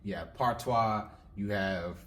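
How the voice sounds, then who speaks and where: A man's voice: on the low side, takes it slowly, fairly bright tone, slight background noise. A man hosting a lyric breakdown channel, talking in a casual, methodical way and explaining step by step with frequent restarts.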